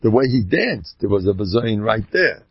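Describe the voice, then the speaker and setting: A man, a rabbi, giving an informal religious talk in an animated, rambling way, often mimicking other people's voices. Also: fairly low pitch, normal speed, vocal fry, husky, no room sound. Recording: dull lo-fi recording.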